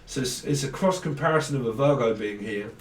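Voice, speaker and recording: A man's voice: medium pitch, fairly quick. A man doing a casual tarot reading, rambling and free-associating names and laughing often. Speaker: tarot reader. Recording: echoey room, mic at a distance.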